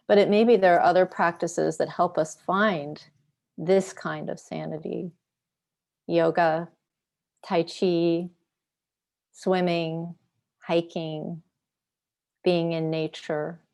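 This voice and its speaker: A woman Buddhist teacher giving a slow, reflective dharma talk over an online video call, pausing often. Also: on the low side, vocal fry, darkish tone. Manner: slow, reflective, with pauses and fillers.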